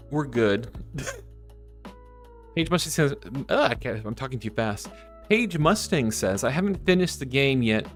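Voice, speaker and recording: A man chats casually on a live stream, reading viewer comments out loud. He rambles and keeps sidetracking himself, restarting often, and his animated voice jumps high in pitch when he gets excited.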